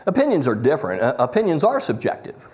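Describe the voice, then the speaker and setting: A man leads a church Bible class with a lively, swinging voice. He talks loosely, cracking small jokes and wandering off his script before steering back. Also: a little high, quick pace.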